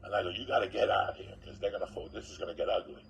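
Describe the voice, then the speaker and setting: A man telling a profane comic story in a loud, animated way, acting out other people's lines. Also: lowish voice, racing, muffled recording, a little hiss or hum. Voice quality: gravelly.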